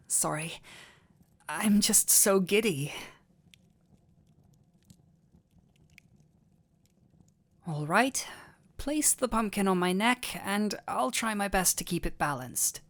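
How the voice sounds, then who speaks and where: A woman's voice: mid-range voice, unhurried, lightly acted. A woman voicing a sweet, clumsy male dullahan boyfriend in an audio role-play, tender and giddy with affection. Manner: tender, giddy and affectionate, playful self-teasing. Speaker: voice actor.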